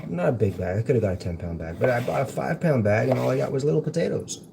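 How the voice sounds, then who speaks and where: Young guy chatting away on a cooking live stream, raspy gravelly voice, bouncy pitch, lots of background noise. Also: animated, fast. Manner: rambling, chatty, jokey asides. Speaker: livestream host. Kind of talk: casual cooking livestream chat. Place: home kitchen. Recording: noisy home livestream audio.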